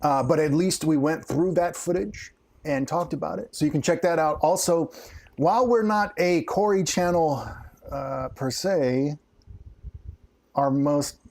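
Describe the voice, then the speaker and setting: A man's voice: a little high, a little slow, a little mellow. A man co-hosting a casual live stream, steering the talk along between topics. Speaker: co-host.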